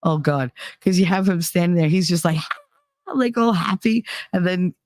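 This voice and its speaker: A woman hosting a podcast who tells casual stories in an animated, profane way, leaping up in pitch when she quotes people. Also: moderate pace, dry recording, studio quality. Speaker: podcast host. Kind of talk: casual storytelling.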